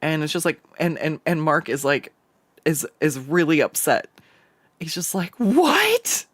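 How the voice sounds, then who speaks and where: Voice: mid-range voice, steady tone, normal speed, no room sound. A livestreaming artist chatting casually while drawing, rambling with profanity and stumbling restarts, on a desk microphone at a home setup.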